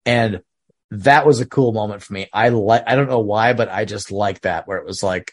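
A man's voice: fairly low pitch, moderate pace, faint music behind. A man hosting a podcast who casually retells film scenes in a rambling way, leaning heavily on "like.". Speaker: podcast host. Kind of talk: casual film discussion chat.

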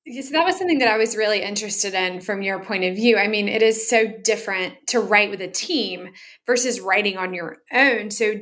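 A woman's voice: medium pitch, fairly quick, fairly bright tone. A woman co-hosting an interview who asks friendly, rambling questions full of fillers. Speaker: podcast co-host and novelist. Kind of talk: casual conversational interview.

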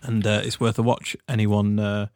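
A man's voice: lowish voice, level tone, normal speed, darkish tone, a little hiss or hum. A young man co-hosting a football podcast, chatting easily with dry jokes and reading out stats. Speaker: podcast co-host. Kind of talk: casual chat.

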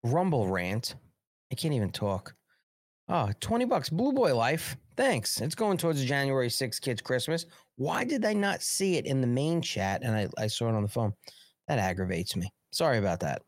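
A man's voice: medium pitch, no echo. American guy hosting a live stream, middle voice, dead dry mic, rambles n swears between news bits. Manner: rambling and profane, reads news aloud and breaks off to chat. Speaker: live show host. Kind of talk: casual live-stream commentary.

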